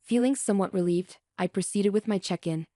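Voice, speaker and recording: A woman narrating a first-person revenge story in a calm, even scripted reading. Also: mid-range voice, fairly quick, dry recording, clean studio sound.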